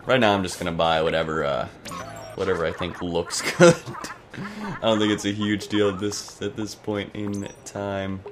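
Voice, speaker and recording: A man's voice: lowish voice, fairly even intonation, normal speed, over music. A young man hosting a gaming channel, giving rambling, self-mocking let's-play commentary.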